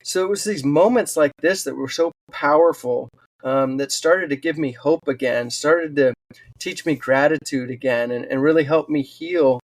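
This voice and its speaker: A man's voice: a little high, normal speed, no echo. A man who is a podcast guest, telling personal stories earnestly in a casual interview, with plenty of "um"s along the way. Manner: earnest, animated storytelling with fillers. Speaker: podcast guest, wildland firefighter and author.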